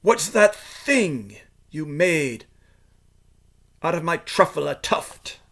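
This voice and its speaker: A man voicing a short, oldish, mossy forest creature in a storybook reading, sharp and bossy, shouting and puffing as he scolds. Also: on the high side, sing-song, slow, gravelly, a little hiss or hum, voice pushed up, exaggerated voice. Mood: indignant.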